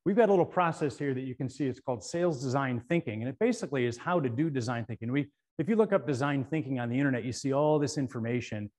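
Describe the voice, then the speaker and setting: A middle-aged man giving a conference talk built around a story. His voice sits at an ordinary middle pitch, and he tells it with animation, stumbling over repeated words when he gets excited. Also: fast talker, few pauses. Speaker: conference speaker.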